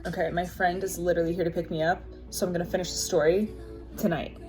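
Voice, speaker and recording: A woman's voice: fairly low pitch, flat delivery, quick pace, darkish tone, soft background music. A young woman, a comedian, telling a personal story in a casual, self-mocking way, acting out the dialogue with big jumps in her voice.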